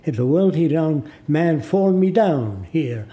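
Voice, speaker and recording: A man voicing a stubborn older man who speaks slow, broken English with an Arabic accent. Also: a little high, expressive, warm tone. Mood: insistent. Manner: slow, halting, emphatic.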